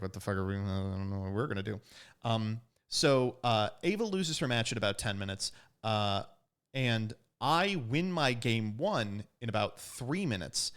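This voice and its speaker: A young man casually recounting a tournament, acting out what people said and laughing often. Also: mid-range voice. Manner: animated, laughs often, acts out quotes. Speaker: podcast host recapping a card tournament. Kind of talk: casual storytelling recap.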